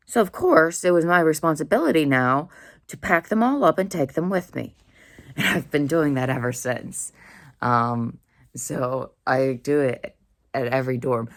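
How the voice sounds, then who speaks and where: A young woman vlogger rambles casually into the camera from her dorm room, blunt and slangy. Her voice rumbles low, recorded with studio quality and no echo.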